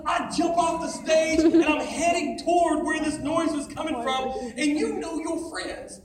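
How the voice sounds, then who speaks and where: A man telling a comic story to a live audience as a youth event speaker, loud and animated, acting out laughs and voices. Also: extremely high pitch, a little slow, noisy background. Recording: echoey hall, distant mic, loud crowd.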